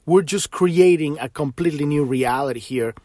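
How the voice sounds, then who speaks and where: A man with a somewhat high voice delivers a casual podcast monologue. He rambles with fervor, stumbling over restarts and swearing when he gets heated. The sound is dry, with no room echo. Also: moderate pace, mellow. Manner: rambling and impassioned, with frequent restarts; swears freely when worked up. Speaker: podcast host.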